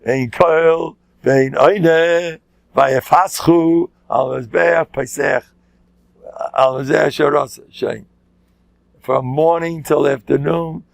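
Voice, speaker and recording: An older man, a rabbi, giving a lively Torah class full of jokes and shouted quotes. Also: on the high side, takes it slowly, creaky, dry recording. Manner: joking, animated, shouts out quotes, mixes Hebrew and Yiddish words.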